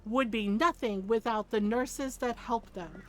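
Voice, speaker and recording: A woman's voice: a little high, a little slow, close to an everyday voice. A woman doing a stern, no-nonsense old grandmother. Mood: disapproving. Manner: prim, firm, softly scolding.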